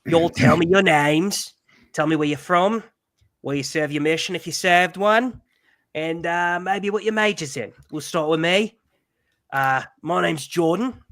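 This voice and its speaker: A man's voice: a little high, unhurried, a bit bright, no echo, clean studio sound, voice pushed up. A man mimicking a young man who puts on a fake New Zealand accent while making a self-important introduction. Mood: showy.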